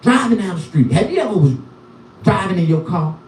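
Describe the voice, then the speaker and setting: Animated profane stand-up comic man. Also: sits high, brisk. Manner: profane, animated, repetitive storytelling. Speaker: stand-up comedian. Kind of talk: stand-up comedy storytelling. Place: live comedy venue. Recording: echoey room, from far off.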